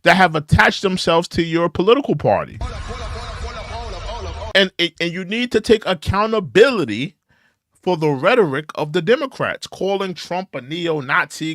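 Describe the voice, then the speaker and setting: A man's voice: on the high side, moderate pace, fairly bright tone, dry recording, clean studio sound. A young man hosting an opinionated commentary show, ranting in an indignant, repetitive way. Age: young adult.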